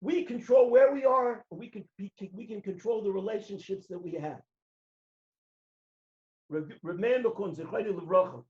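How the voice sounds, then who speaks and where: A man preaches as a rabbi and tells his stories with animation. He acts out the characters' voices and shouts at the peaks. The sound is roomy and dull, like a lo-fi hall recording. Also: high voice, moderate pace, a little hiss or hum. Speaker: rabbi giving a talk. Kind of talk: sermon with stories.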